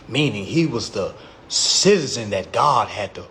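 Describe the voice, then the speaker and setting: A man's voice: unhurried, slight background noise. A man giving a casual live-stream monologue, brash, profane and mocking as he promotes his class. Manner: lively pitch swings.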